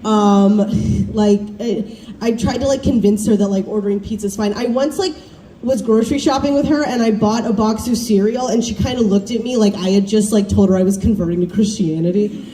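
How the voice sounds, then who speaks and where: A young woman from the American South performing a self-deprecating stand-up set, chatty and animated as she tells family stories. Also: mid-range voice, a little fast, slight background noise. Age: young adult. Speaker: student stand-up comic. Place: campus showcase stage. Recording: roomy, distant stage recording with faint ambience.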